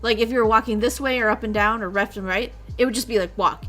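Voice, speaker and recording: A woman's voice: on the high side, fairly even intonation, quick pace, a bit bright, soft background music. A young woman streamer chatting casually, rambling along and swearing freely. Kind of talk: casual chat.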